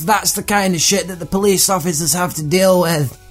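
A man's voice: a little high, moderate pace, fairly bright tone, soft background music. A man hosting a comedy podcast, sarcastic and profane as he mocks odd news stories. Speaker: podcast host.

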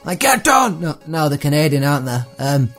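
A man's voice: fairly high pitch, steady tone, fairly quick, darkish tone, faint music behind. A man hosting a comedy podcast, riffing irreverently and profanely on news items. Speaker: podcast host. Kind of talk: comedic monologue reading tweets.

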